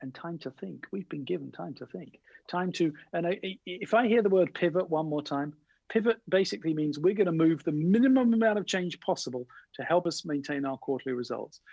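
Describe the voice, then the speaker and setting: Middle-aged guy, gravelly and a bit husky, spinning animated stories, dry close sound. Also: on the high side, brisk, dry recording, lo-fi sound. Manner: lively anecdotes, acting out quoted voices. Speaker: guest innovation speaker. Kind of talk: animated storytelling interview.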